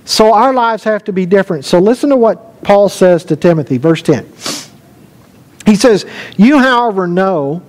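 A man's voice: high voice, expressive, moderate pace, darkish tone, low-quality recording. A man, a pastor, preaching a conversational sermon, telling anecdotes with quoted dialogue and reading scripture aloud. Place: church sanctuary.

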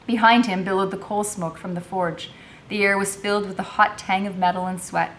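A woman's voice: medium pitch, steady tone, brisk, a bit bright, slight background noise. A woman teacher reading a novel aloud, narrating expressively.

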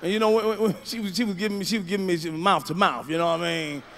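A middle-aged man doing a stand-up comedy routine, telling profane stories that swing from low mutters to loud shouts. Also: rapid-fire, vocal fry. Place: large comedy venue stage. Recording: live show, faint crowd ambience.

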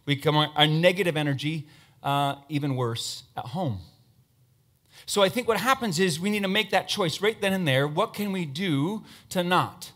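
A man on stage giving a motivational talk full of jokes and playful asides. His voice sits high and swings widely in pitch. The tone is bright and forward. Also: moderate pace. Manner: animated, joking, playful asides to the audience. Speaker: motivational speaker and magician. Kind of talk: humorous stage talk with audience participation. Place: stage before a live audience.

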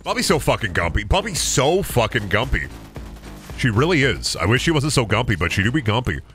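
A man's voice: mid-range voice, big pitch swings, brisk, fairly bright tone, faint music behind. A man streaming a video game, chatting casually with viewers and thanking subscribers, often repeating silly made-up phrases in a sing-song way.

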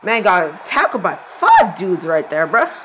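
Animated young guy ranting over football. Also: high voice, a little slow, slight background noise. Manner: profane, exasperated, says "bro" constantly. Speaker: channel host reacting to a football game. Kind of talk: live sports reaction commentary.

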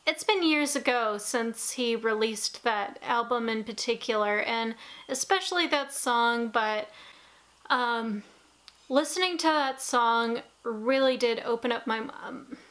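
A woman's voice: a little high, measured pace, a bit bright. A young adult woman vlogging casually, rambling and often correcting herself as she talks. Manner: rambling, self-correcting, chatty. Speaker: YouTube vlogger. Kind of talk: casual vlog bloopers.

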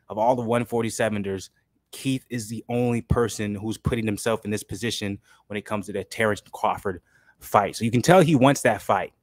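A man hosting a casual boxing commentary vlog, animated and opinionated, swearing freely. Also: on the low side, no room sound, clean studio sound. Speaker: boxing channel host.

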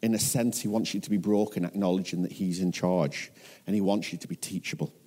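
A man's voice: sits low, steady tone, fairly quick, warm tone. A man with a Northern English accent preaching a sermon as a pastor, earnest and often putting questions to his listeners.

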